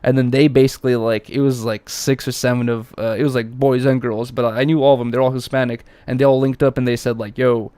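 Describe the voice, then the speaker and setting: A man's voice: mid-range voice, level tone, fast talker, few pauses, dark tone, clear, resonant tone, no echo. Rambling, swearing young man host. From Russia. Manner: rambling storytelling with frequent swearing and fillers. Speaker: podcast host. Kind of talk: casual podcast chat.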